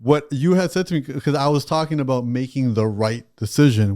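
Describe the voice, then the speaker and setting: A man with a mellow, warm tone who appears as a podcast guest and author. He speaks reflectively at a middle pitch and builds his points with stories and analogies. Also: expressive, a little fast, hardly any pauses. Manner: reflective storyteller who uses examples and analogies. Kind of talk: podcast conversation.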